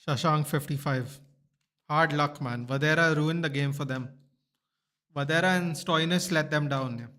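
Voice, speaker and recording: A man hosting a live cricket watchalong, reacting excitedly and shouting at big moments with slangy asides. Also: fairly high pitch, moderate pace. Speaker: watchalong host.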